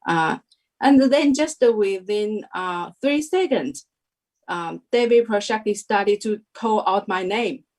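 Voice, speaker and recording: A young woman speaking at a slow, unhurried pace as she recounts an experience. Her English is careful and non-native, and she pauses often with fillers. Her voice sits at an ordinary middle pitch. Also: expressive, a little mellow. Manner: hesitant, many pauses and fillers. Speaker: guest sharing a testimony. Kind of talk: casual spoken testimony.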